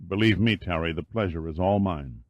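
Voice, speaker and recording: A man voicing a wry, gentle-voiced hero, low and dry. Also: normal speed, dry recording, narrow, tinny audio. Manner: gentle, teasing, low-key. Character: confident adult man, dry-humored and forward.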